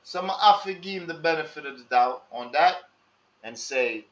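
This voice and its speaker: A man talking casually and slowly to his live audience in street slang, asking viewers for their advice. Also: on the high side, lively intonation. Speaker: live stream host. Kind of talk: casual monologue to live chat. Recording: echoey room, dull lo-fi sound.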